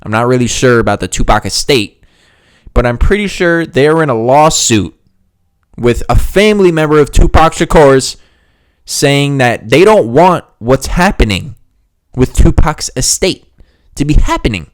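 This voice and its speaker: A man's voice: medium pitch, animated, measured pace, no echo, clean studio sound. A man hosting a gaming video, giving a heated, sarcastic and profane reaction rant. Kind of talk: ranting reaction commentary.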